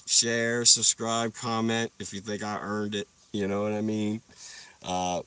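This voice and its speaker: This young man livestreams from his parked car, spinning rambling, foul-mouthed stories and cracking himself up. His low voice sounds a bit bright, and the mic is distant.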